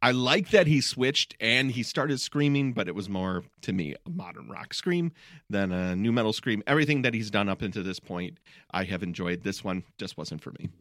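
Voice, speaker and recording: A man on a podcast giving measured, hedging opinions in casual chat. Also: lowish voice, animated, a bit bright, no room sound, clean studio sound.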